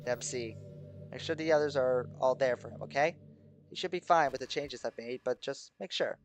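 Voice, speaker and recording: A tired, hopeless teenage girl, read aloud by a man in a game playthrough, speaking softly with halting pauses and apologies. The voice sits at a middle pitch with a faint bed of music behind it. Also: natural voice. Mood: tender farewell. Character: despairing, exhausted teenage girl.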